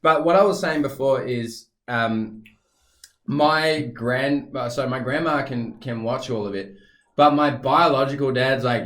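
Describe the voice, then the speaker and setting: A man's voice: medium pitch, measured pace. A man, co-hosting a casual podcast and telling stories while mimicking people. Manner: animated storyteller who mimics people. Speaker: podcast co-host. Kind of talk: casual chat. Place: indoor room. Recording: echoey room.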